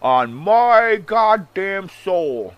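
A man putting on a mocking impression of a blustering male wrestling booker, with a fake accent and a slow, drawn-out, exaggerated delivery. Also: high voice, big pitch swings, clear, resonant tone, no echo, highs cut off, voice pushed up, full character voice.

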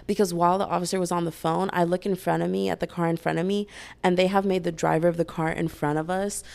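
A young woman telling a personal story in a casual storytime vlog, animated and chatty, full of fillers, acting out what others said. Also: lowish voice, vocal fry. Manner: animated, fast-talking, many fillers, voices quoted lines loudly.

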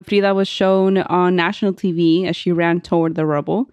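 A young woman with a lowish voice co-hosts a casual podcast. She giggles between sentences and reads from her notes in a chatty way. The recording is dry and close. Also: steady tone, moderate pace, a little mellow, clear, resonant tone, no echo. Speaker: podcast co-host. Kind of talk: casual chat, reading notes.

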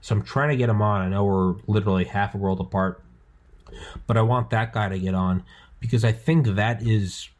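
A man's voice: fairly low pitch, steady tone, brisk. A man hosting a podcast in casual chat, rambling through stories, swearing and acting out quotes in a raised voice. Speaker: podcast host.

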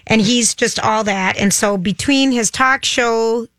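A woman's voice: on the high side, measured pace, fairly bright tone, dry recording, studio quality. A woman hosting a show, chatting in an enthusiastic, gossipy way. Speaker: radio show host. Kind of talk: casual chat.

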